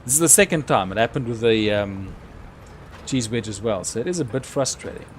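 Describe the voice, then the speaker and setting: Young man, game streamer, casual live commentary, animated pitch, sudden excited shouts. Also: a little fast, slight background noise. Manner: chatty, with sudden excited outbursts.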